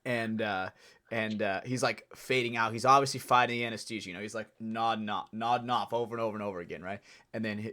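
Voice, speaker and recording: A man's voice: on the low side, steady tone, fast talker, sharp tone. Man, casual podcast chat, rambling, laid-back, fillers. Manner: rambling, laid-back, says "dude" and "you know". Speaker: podcast co-host.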